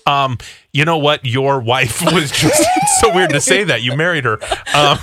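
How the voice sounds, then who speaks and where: Male radio host, slightly high and animated, playful needling. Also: normal speed, background noise. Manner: teasing, playful interviewer. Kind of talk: casual radio chat.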